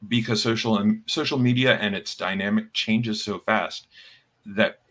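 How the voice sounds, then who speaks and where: A man co-hosting a podcast, chatting casually and halting with fillers and restarts. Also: on the low side, steady tone, a bit bright. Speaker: podcast co-host. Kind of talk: casual chat.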